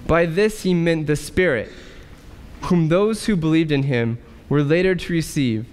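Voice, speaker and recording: A male pastor preaching a sermon in a church, asking rhetorical questions and pausing for effect. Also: a little high, a little mellow, smooth. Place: church sanctuary. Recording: church hall reverb.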